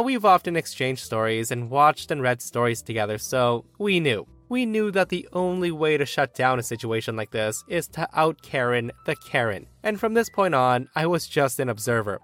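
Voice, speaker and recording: A man hosting a story channel, narrating a scripted story in a lively, expressive way. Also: mid-range voice.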